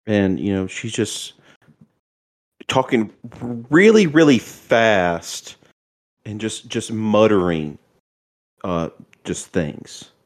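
A man with a somewhat low voice runs a tabletop horror game as its game master. He narrates in halting, searching descriptions. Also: animated.

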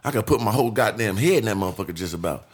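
A man spins a story at a fast clip as a guest in a casual chat, his delivery loose and animated. He leans hard on profane street slang and slips into acting out what other people said. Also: fairly low pitch, husky. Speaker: podcast guest.

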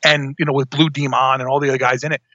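A man co-hosting a podcast in casual chat, talking in a rambling, animated way and often breaking off and restarting. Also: mid-range voice, very fast, no room sound, highs cut off. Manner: rambling, animated, self-interrupting. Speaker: podcast co-host.

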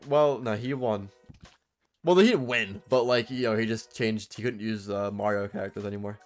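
A young man co-hosts a podcast, his voice fairly low and his speed normal, with soft music in the background. He chats casually, rambling and swearing, with plenty of filler words.

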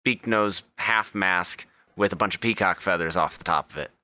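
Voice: low-pitched, normal speed, pushed and bright, no room sound. A game master narrating a tabletop game casually, prompting each player in turn.

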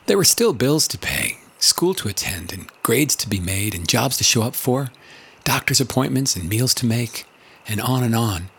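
A man's voice: mid-range voice, a bit bright, breathy edge. An older man narrating in a reflective, scripted way, earnest and building rhetorical lists.

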